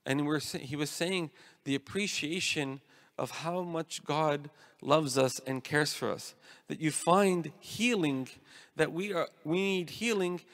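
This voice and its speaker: Priest guy preaching, chatty storytelling, lots of "you know", big echoey church sound. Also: a little high. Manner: conversational storytelling with many fillers. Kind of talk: sermon.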